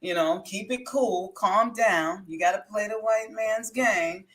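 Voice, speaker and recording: A woman's voice: mid-range voice, a little slow, fairly bright tone. A woman giving casual reaction commentary on a clip, blunt and opinionated, with chatty restarts.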